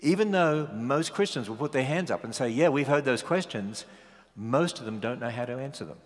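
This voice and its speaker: A man with an Australian accent, a guest speaker preaching a sermon, animated and full of rhetorical questions and joking asides. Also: mid-range voice, a little fast. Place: large church hall. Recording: long hall reverb.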